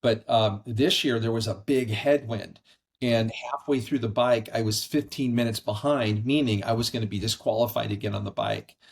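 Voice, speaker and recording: A middle-aged man tells a personal story as a podcast guest, earnest and animated. His voice sits at an ordinary middle pitch. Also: normal speed, creaky. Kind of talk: conversational storytelling. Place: brother-in-law's house.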